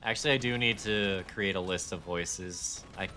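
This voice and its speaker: A man chats casually while streaming a game, rambling and poking fun at himself. His voice sits slightly low but sounds bright and forceful. Faint game music plays behind him. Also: normal speed. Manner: rambling, self-deprecating, slips into accents. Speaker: gaming streamer. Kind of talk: casual live-stream chat while gaming.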